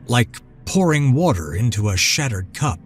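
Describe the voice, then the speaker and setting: A man voicing a centuries-old vampire lord, weak, bitter and halting. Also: medium pitch, sing-song, soft background music, close to an everyday voice. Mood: weary.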